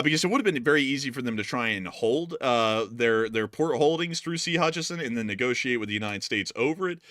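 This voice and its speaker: A young man co-hosting a casual livestream, his voice bright and forward with a lively, excitable manner. The sound is close and dry, with almost no room around him. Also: medium pitch, no room sound. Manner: excitable, laughing, many fillers. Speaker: co-host of a news livestream.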